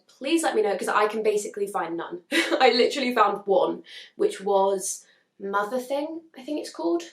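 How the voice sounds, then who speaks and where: A woman chatting to camera about books she wants to read, gushing and hedging, a little hoarse as she is losing her voice. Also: medium pitch, roomy sound. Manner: chatty and gushing, with frequent hedges. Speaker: book vlogger. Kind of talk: casual chat to camera.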